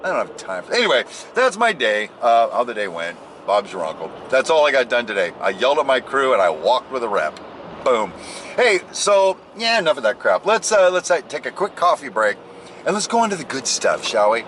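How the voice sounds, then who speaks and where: A man's voice: medium pitch, sing-song, brisk, a bit bright, a little hiss or hum. A man chatting casually to a camera in his car while driving, joking around and ranting about his work day. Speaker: construction boss. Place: inside a car on the road.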